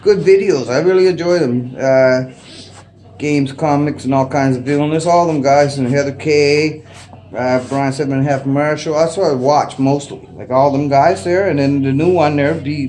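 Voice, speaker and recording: A man's voice: fairly high pitch, normal speed, darkish tone. Rambling laid-back Canadian man. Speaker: vlogger. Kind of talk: casual unscripted chat to camera. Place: indoors at home. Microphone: phone propped up facing him.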